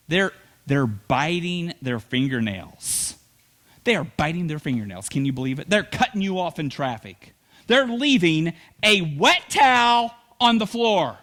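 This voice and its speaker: A middle-aged man preaching from the pulpit in a notably high voice that leaps wildly up and down. He tells humorous stories and delivers them with animated energy. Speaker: pastor. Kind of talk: sermon.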